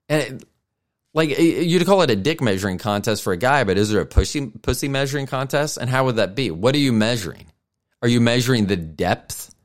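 A middle-aged man hosting a podcast, telling a rambling, profane story in a heated, casual way. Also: mid-range voice. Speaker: podcast host.

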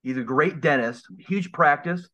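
A man appears as a guest in a casual podcast interview, earnest and emphatic with a preaching manner. His voice is fairly high and a bit bright, his pace unhurried, and the recording has a dull, lo-fi sound.

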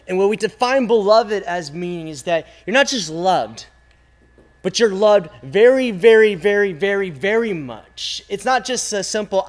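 A man preaching a sermon to a youth group, emphatic and repetitive, with dramatic pauses. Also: sits high, animated. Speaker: youth pastor.

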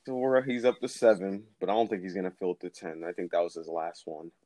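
Low-voiced easygoing man, dry sound. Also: fast talker, mellow, no room sound. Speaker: podcast co-host. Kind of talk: casual chat.

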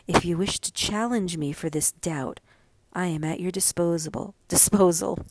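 A proud young groom from an old storybook, cold and scornful toward his rival, read by a woman. His taunts come low and quiet. They sound close and dry, with no room around them. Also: normal speed, dry recording. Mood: hushed taunt.

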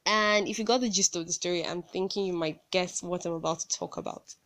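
A woman's voice: lowish voice, fairly even intonation, brisk, a bit bright. A Nigerian woman hosting a podcast, who talks casually and earnestly and reads one of her own stories aloud. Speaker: podcast host. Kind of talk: casual podcast talk and storytelling.

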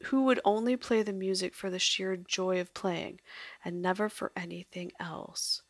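A woman's voice: mid-range voice, normal speed, no echo, lightly acted. A woman voicing an eager, impatient young female student in a read-aloud story.

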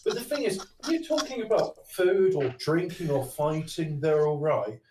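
A man chatting casually on a stream, rambling with halting restarts. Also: a little high, animated, a little mellow. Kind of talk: casual chat. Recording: roomy, distant mic, faint noise.

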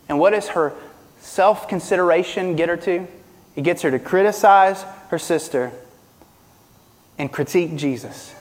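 Pastor guy preaching, fairly high voice, lots of questions, big swings loud to soft, long hall echo. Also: animated, normal speed. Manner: preaching with rhetorical questions, pitch and volume swinging widely. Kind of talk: sermon.

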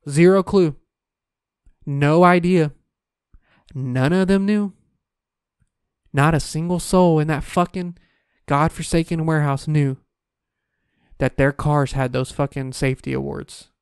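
A man's voice: a little high, steady tone, measured pace, long pauses, smooth, no echo, clean studio sound. A man delivering a profane, exasperated comedic rant, exaggerating wildly. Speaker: comedic ranter.

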